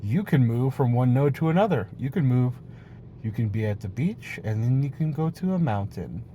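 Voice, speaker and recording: A man's voice: medium pitch, expressive, moderate pace, mellow, a little hiss or hum. A man rambling playfully in a casual monologue video, jumping between topics and swearing freely. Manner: playful, silly tone. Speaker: vlogger.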